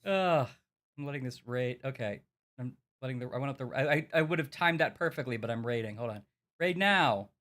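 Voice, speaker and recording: A man's voice: medium pitch, fairly quick, fairly bright tone. A man streaming a video game, chatting casually and rambling with restarts. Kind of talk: casual gameplay banter.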